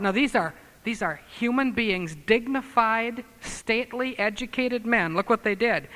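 Man, preacher, sermon, high-pitched, bright tense tone, emphatic, scornful asides, long hall reverb. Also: measured pace, few pauses. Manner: emphatic, swings from loud declarations to low muttered asides.

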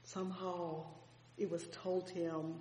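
A preacher telling a Bible story in a sermon, fervent, swelling loud and dropping soft, with frequent exclamations. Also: mid-range voice, level tone, slow pace, slight background noise. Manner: fervent storytelling with sudden swells and drops in loudness. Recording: echoey hall reverb.

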